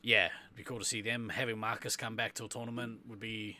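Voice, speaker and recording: Bright-voiced New man, chatty. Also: lowish voice, flat delivery, fast. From New Zealand. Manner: rambling, laughs often, trails off quietly. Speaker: podcast co-host. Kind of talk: casual chat.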